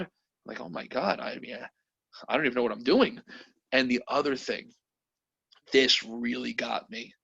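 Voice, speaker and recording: Man, bright forceful voice, animated, candid storytelling, dull video call sound. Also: mid-range voice, unhurried, gravelly, husky. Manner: animated, emotional, quotes others with voices. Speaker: company president, guest.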